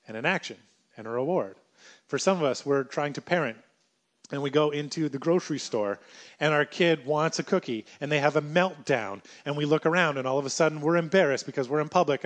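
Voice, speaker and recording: A man preaching a sermon in an animated way, acting out everyday scenes as he talks. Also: fairly high pitch.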